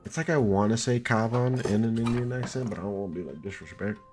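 A man's voice: lowish voice, fast talker. A young man giving casual let's-play commentary, talking to himself and swearing now and then. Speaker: gaming streamer. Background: faint game music.

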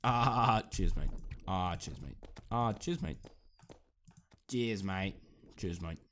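A man doing a put-on Australian accent as an easygoing bloke, repeating relaxed casual slang in a lowered voice. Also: slow pace, slight background noise, heavily acted. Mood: laid-back.

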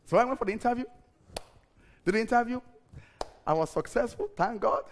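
A middle-aged man, preaching a sermon full of stories, animated and laughing, sometimes breaking into shouted prayer. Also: very high-pitched, a little fast, slight background noise. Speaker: pastor. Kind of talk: storytelling sermon.

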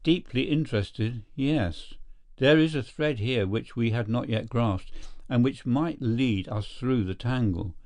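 A man voicing a keen, brisk male detective in an audiobook, speaking in a measured, precise and commanding way. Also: medium pitch, darkish tone, no room sound, natural voice. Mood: reassuring.

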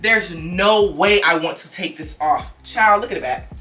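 Young woman doing a try-on haul, bright voice, lots of slang and repeats, bit far from the mic, faint music behind. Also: a little fast. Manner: animated, slangy, repeats herself, sudden high exclamations. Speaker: fashion vlogger.

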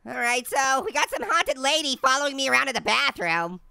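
A woman's voice: sits high, sing-song, a little fast, creaky, few pauses. A woman hosting a comedic let's-play, chatting and giggling as she plays a spooky game. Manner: giggly, jokey, exclaiming. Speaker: gaming channel host.

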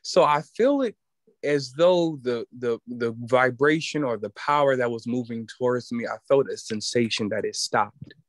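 A man sharing a personal religious testimony in an earnest, halting way, often restarting as he looks for words. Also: mid-range voice, dry recording. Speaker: student giving testimony.

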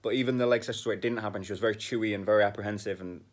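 A man's voice: on the low side, fairly even intonation, very fast. A man chatting casually in a vlog about dog training, blunt and swearing when frustrated. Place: outdoors in a field with dogs.

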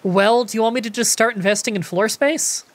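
A woman's voice: on the high side, brisk. A woman from Ontario with a Canadian accent, hosting casual gameplay commentary and joking around with some swearing. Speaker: gaming channel host.

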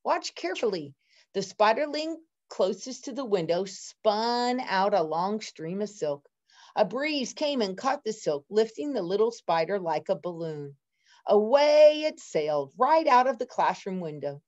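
A woman teacher reading a picture book aloud to her students, expressive and adding chatty asides to the class. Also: mid-range voice, measured pace. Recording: dull lo-fi recording.

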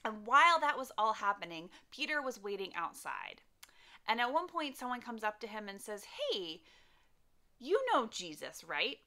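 A woman's voice: on the high side, big pitch swings, moderate pace, pushed and bright. A young woman teaching a children's church lesson, telling the story animatedly and acting out the characters.

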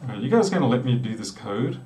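Here a middle-aged programmer from South Australia, with an Australian accent, rambles and jokes while coding live. His mid-range voice is mellow, swings widely in pitch, and comes out fast, with slight background noise behind it. He's in a small echoey room with a door, recorded from a distant mic.

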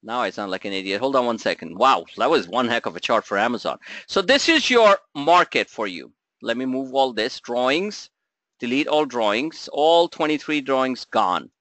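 Animated man hosting a trading webinar. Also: normal speed, no room sound. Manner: animated, joking, swings between loud asides and low mutters. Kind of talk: live market webinar talk.

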